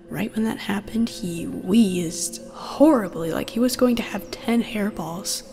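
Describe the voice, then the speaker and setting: A woman narrates a fan-made audio story in the first person, her tone wry and a little sardonic. Her voice sits at an ordinary middle pitch. It rings with a long reverb, and faint music plays underneath. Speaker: fan fiction reader.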